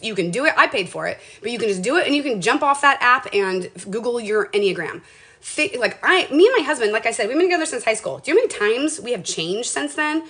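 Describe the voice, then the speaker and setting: A woman's voice: a little high, a bit bright. A woman in her forties from Washington State, talking in a casual, earnest and emotional way on a motivational livestream, rambling with many restarts. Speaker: lifestyle livestreamer.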